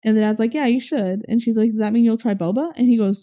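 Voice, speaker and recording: A woman's voice: fairly high pitch, quick pace, warm tone, lo-fi sound. A young woman co-hosting a podcast, casually recapping a movie and acting out the characters' lines. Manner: retells scenes with quoted character lines, frequent "like" and "um". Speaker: podcast co-host.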